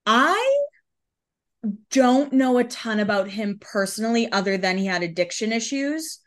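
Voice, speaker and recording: A woman co-hosting a casual pop culture chat, passing on gossip in an expressive, chatty way. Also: a little high. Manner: gossipy, expressive, quick asides. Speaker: podcast co-host.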